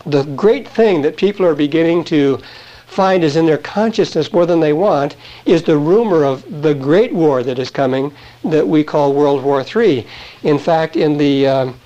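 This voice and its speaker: A man's voice: a little high, warm tone. Dull lo-fi tape of a male preacher. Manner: explanatory, conversational asides to the congregation. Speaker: pastor. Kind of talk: verse-by-verse Bible teaching.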